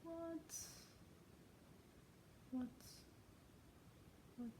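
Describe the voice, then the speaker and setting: A woman's voice: very high voice, extremely slow, noisy background. A young woman who is not a native English speaker, reading aloud casually and breaking off to mock herself. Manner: self-interrupting, self-mocking asides. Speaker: reader.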